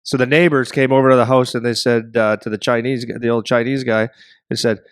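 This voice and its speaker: A middle-aged man co-hosting a hockey podcast, telling a story in a rambling, animated way and acting out voices. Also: mid-range voice, brisk, clear, resonant tone, dry recording, studio quality. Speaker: podcast co-host and hockey parent.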